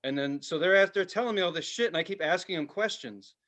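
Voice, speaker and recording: Man, high voice, bright tone, casual storytelling, acts out voices, podcast co-host. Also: quick pace. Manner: animated, acts out the voices in his stories.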